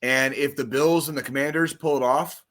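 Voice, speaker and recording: A man co-hosting a casual podcast, ranting about football in a profane, excitable, rambling way. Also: mid-range voice, normal speed. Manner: profane, excitable, rambling sports-fan rant. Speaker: podcast co-host. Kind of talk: casual chat.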